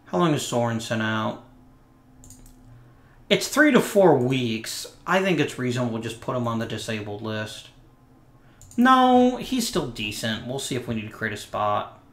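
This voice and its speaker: A man talks through a sports management game in a loose, wry way, trailing off into muttered asides. His voice sits at an ordinary middle pitch. The room around him is roomy and echoey. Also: normal speed, a bit bright. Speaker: let's play host. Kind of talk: casual gameplay commentary.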